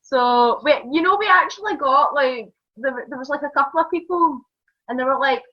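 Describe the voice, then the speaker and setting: A woman's voice: high-pitched, moderate pace. A woman with a Scottish accent, a wrestler telling road stories in a casual interview, laughing often. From Scotland. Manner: animated, laughing, many fillers. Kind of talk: casual storytelling. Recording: dull lo-fi sound.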